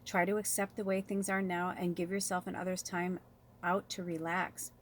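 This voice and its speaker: A tarot and oracle card reader gives a casual spiritual reading, her fairly low voice level in tone and at normal speed, with a little hiss or hum in the background. Chatty and rambling, she calls her viewers "you guys," reads card passages aloud, and then riffs on them.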